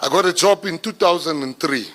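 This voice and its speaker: South African man, middle-aged, brisk storyteller, bright forceful tone, voice sits a bit high. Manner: animated, comic storyteller. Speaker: public speaker. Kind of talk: storytelling talk.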